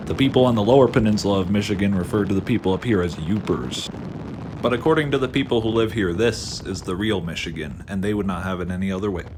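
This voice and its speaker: A man's voice: on the low side, fast. A man talking casually to camera while on a motorcycle trip, rambling and swearing now and then. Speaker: motorcycle travel vlogger. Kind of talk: casual vlog talk to camera. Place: outdoors on the road. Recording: wind noise on an outdoor mic.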